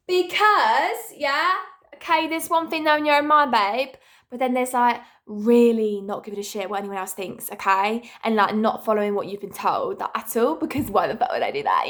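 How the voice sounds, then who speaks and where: A woman's voice: on the high side, expressive, normal speed, fairly bright tone. A young woman telling funny childhood stories on her vlog, chatty and sweary, with jokey asides, recorded on a camera mic in a room at home. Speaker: vlogger. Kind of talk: casual storytime chat. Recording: echoey room.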